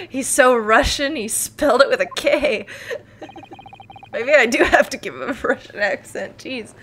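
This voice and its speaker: A woman's voice: high voice, slow, pauses often, a bit bright, a little hiss or hum. A woman streamer commentating a story game, laughing often and reading characters' lines aloud. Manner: giggly, reads game lines aloud in voices. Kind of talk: casual let's-play commentary.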